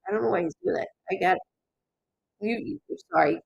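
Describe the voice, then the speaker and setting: A woman giving a live-streamed psychic reading in an animated, rambling way, with many fillers and restarts. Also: a little high, fast, vocal fry, no room sound, lo-fi sound. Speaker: psychic medium.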